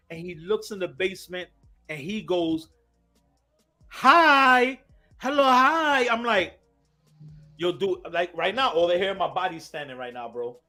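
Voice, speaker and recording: A man, a podcast host, telling a story in casual chat, animated and swearing a lot, acting out quotes loudly. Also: high voice.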